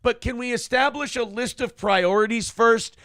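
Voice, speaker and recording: A man's voice: very high voice, moderate pace, a bit bright, clean tone, no room sound, clean studio sound. A man hosting a morning talk show, ranting in a casual, profane, exasperated way.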